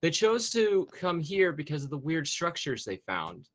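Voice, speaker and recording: Young man hosting a game, hushed storytelling. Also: fairly high pitch, big pitch swings. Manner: slow, hushed storytelling with trailing ends. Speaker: host of a game show on a server. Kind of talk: storytelling game-show intro. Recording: voice chat with faint noise.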